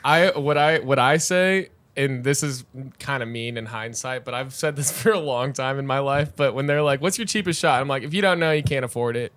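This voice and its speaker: A man's voice: medium pitch, normal speed, hardly any pauses, fairly bright tone. A man, a bartender co-hosting a podcast, telling profane stories from behind the bar and acting out his customers. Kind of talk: casual chat.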